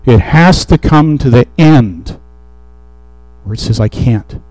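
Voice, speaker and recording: A man's voice: mid-range voice, expressive, takes it slowly, a little mellow, no room sound, low-quality recording. A man preaching a sermon, reading scripture aloud and explaining it in a conversational way with restarts and fillers.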